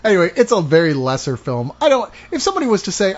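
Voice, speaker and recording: A man's voice: high voice, wildly swooping pitch, fast talker. A man co-hosting a casual movie review podcast, sarcastic and swearing as he talks. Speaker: podcast co-host. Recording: dull lo-fi recording.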